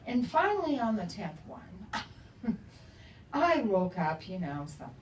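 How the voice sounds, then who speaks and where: A woman's voice: medium pitch, very animated, takes it slowly, roomy sound, a little hiss or hum. Older female author, casual storyteller, laughs a lot; distant mic, faint room ambience. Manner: chatty, laughs often. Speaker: author at a book talk. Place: bookstore event room.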